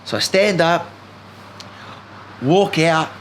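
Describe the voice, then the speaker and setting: Animated storytelling man, noisy background. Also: fairly high pitch, takes it slowly. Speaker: podcast guest. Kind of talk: casual storytelling chat.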